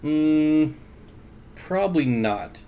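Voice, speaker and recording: A man's voice: a little high, lively intonation, very slow, mellow, lo-fi sound, slight background noise. A man hosting an aquarium livestream in easygoing, casual chat. He reads viewer comments aloud, greets people by name and chuckles often.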